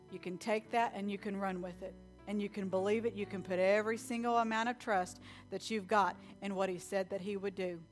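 Emphatic woman preaching a sermon. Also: medium pitch. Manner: emphatic, repeats key lines slowly. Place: church.

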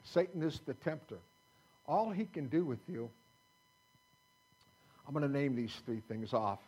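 A man's voice: medium pitch, expressive, measured pace, dark tone, breathy edge, low-quality recording. A man pastor preaching a sermon in a folksy, conversational way, quoting scripture to his congregation. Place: church sanctuary.

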